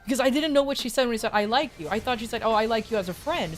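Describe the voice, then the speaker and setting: A woman streaming as a VTuber, telling a rambling, self-mocking story to her chat and jumping her pitch high when she quotes people. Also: lively intonation, very fast, hardly any pauses. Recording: faint music behind.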